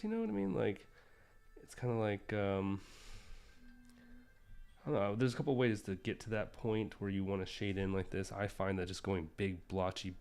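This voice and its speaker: A man's voice: on the low side, a little mellow, clear, resonant tone. A man livestreaming while he sketches, rambling casually with lots of fillers and self-deprecating asides.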